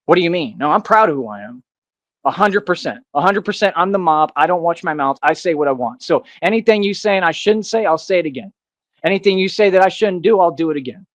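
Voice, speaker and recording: A man rants at the camera in a defiant, agitated monologue and keeps circling back to the same points. His voice sits somewhat high for a man, and the sound is close and dry with almost no room around it. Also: lively intonation, quick pace, dry recording. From United States. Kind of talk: angry monologue ranting at the camera.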